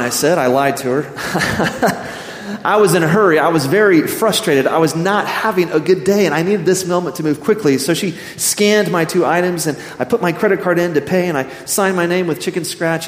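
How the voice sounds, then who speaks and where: Pastor sermon, a man with a fairly high voice, storytelling, echoing church hall. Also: normal speed. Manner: storytelling, animated quoting of himself. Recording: echoey hall.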